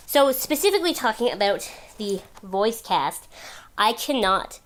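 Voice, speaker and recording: A woman's voice: medium pitch, very animated, normal speed. Chatty woman vlogger. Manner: chatty, gushing, lots of fillers. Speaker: video blogger. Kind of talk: casual opinion vlog.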